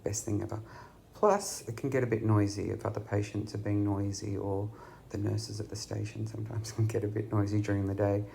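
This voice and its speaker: Aussie guy in a hospital bed rambling to his camera, dark gravelly voice, lots of ums. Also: on the low side, flat delivery, brisk, slight background noise. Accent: Australian. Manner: chatty, rambling with many ums. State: recovering from surgery. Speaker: patient vlogger. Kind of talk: casual chat to camera. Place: hospital room. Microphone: camera at bedside.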